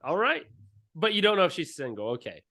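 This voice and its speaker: A man's voice: on the high side, very animated, quick pace, pushed and bright. A man with a slightly raised voice hosts a casual gaming podcast. He cracks jokes and tosses playful questions at his guest. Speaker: podcast host.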